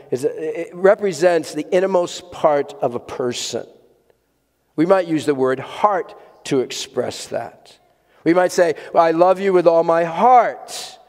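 Male pastor, earnest sermon delivery, stresses and repeats words, slightly high voice. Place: church sanctuary with congregation. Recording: long hall reverb.

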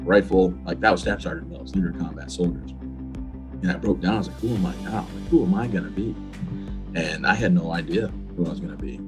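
A man's voice: sits low, fast, music in the background. A man in his thirties, a veteran guest, telling his personal story in a candid, plain-spoken interview manner.

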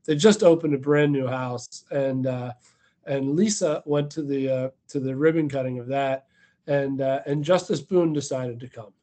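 A man, the guest on a casual podcast, telling a story with many filler pauses. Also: medium pitch, dark tone. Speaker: nonprofit CEO, guest. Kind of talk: casual chat.

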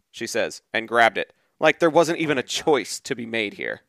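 A man co-hosting a podcast in a casual chat, reading out tweets and acting out the quoted kids loudly, laughing often. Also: medium pitch, expressive, normal speed, creaky, few pauses, clean tone, dry recording, studio quality. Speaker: podcast co-host.

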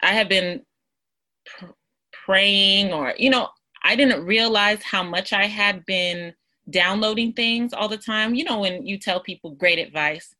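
A woman's voice: mid-range voice, measured pace, sharp tone. A woman in her thirties hosting a casual interview, eager and thinking aloud, with frequent restarts. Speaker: podcast host.

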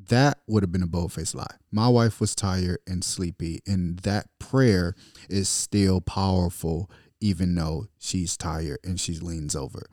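A man co-hosting a casual faith conversation with his wife, telling stories with lively acted-out quotes. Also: deep voice, no room sound, clean studio sound. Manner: animated storyteller, acts out quotes. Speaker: podcast co-host, husband.

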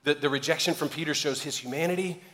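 A male pastor preaching a sermon, animated, joking and acting out dialogue, building to loud emphatic passages. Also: fairly high pitch, quick pace, big-room sound.

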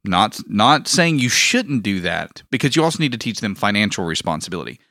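A man's voice: fairly low pitch, sing-song, a little fast, sharp tone, no room sound, clean studio sound. A man co-hosting a parenting podcast, telling family stories in a casual, folksy, humorous way. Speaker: podcast co-host; father of a daughter.

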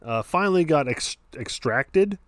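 A man's voice: on the high side, expressive, measured pace, no room sound. A man co-hosting a podcast, telling a story in casual chat and laughing often. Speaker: podcast co-host.

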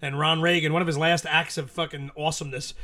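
A man's voice: fairly high pitch, little pitch movement, quick pace, noisy background. A man in his late forties, a podcast guest, telling profane, rambling war stories with lots of laughter. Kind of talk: casual storytelling.

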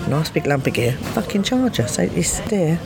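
A woman telling a prison story in casual chat, animated and swearing, often laughing and jumping high in pitch when she acts out what was said. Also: moderate pace, over a noisy crowd. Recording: noisy background.

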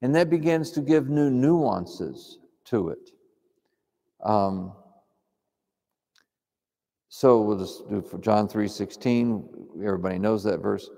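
A man preaching in a calm, reflective, conversational way, teaching on prayer. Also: lowish voice, slow, gravelly, pauses often. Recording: long hall reverb.

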